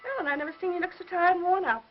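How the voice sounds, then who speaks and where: A high-pitched, fussy old aunt who chatters endlessly and meddles in everything. Her sound comes through a muffled old film soundtrack with a faint hiss under it. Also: racing. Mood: prattling. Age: older. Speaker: busybody aunt. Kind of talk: 1950s film acting.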